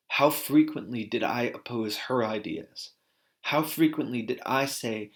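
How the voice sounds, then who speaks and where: A man reading aloud a personal essay he wrote, earnest and deliberate. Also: medium pitch, gravelly. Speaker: author reading his own article.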